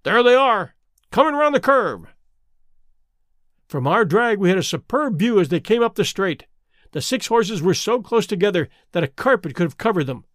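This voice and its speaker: A man reading a story aloud as narrator, expressive and giving each character a voice. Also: high-pitched, brisk, no echo, clean studio sound.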